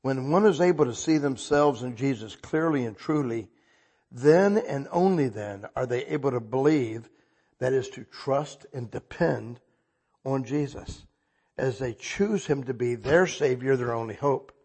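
Husky-voiced man preaching emphatically. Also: medium pitch, animated, unhurried. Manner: emphatic, swings between soft confession and loud bursts; conversational, checks in with listeners. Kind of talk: sermon.

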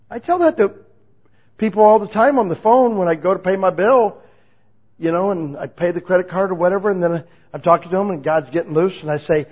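A male preacher with a high-pitched, husky voice delivers an animated sermon. He acts out prayers and God's replies in shifting tones. The recording sounds muffled and lo-fi. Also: brisk. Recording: dull lo-fi recording.

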